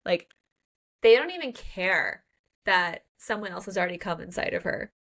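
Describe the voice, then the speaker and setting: A woman co-hosts a book podcast in loose, casual chat. Her voice sits fairly low for a woman. She gushes with excitement and swears freely as she walks through the story. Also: moderate pace. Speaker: podcast co-host.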